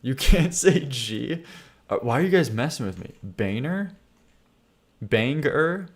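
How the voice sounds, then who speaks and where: A man's voice: medium pitch, expressive, moderate pace, breathy edge. A young man streaming live, reviewing songs in casual chat, blunt and joking as he reads and argues with his chat. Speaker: streamer reviewing viewer song submissions.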